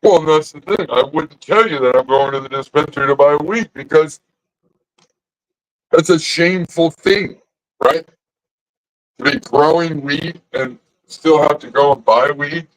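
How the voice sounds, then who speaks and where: A man's voice: a little high, a little slow, dry recording, poor audio. A middle-aged man hosting a livestream, chatting casually in a rambling way, swearing freely. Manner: rambling and heavily profane. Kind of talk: casual chat.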